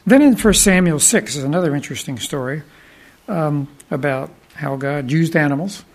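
Retelling a Bible story from the pulpit, a man with a fairly high voice speaks deliberately and wanders into reflective asides.

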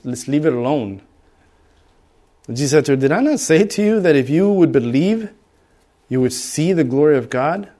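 A man's voice: a little high, a little mellow. A middle-aged man preaching a sermon in a conversational way, acting out bystanders with humor. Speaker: pastor.

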